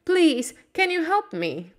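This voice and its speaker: A woman lifts her voice into an earnest young girl who pleads to get home, her words slow and even. The storybook telling stays unhurried throughout. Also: extremely high pitch, pitched above the performer's own voice, exaggerated voice. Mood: pleading. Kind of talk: storybook reading for learners.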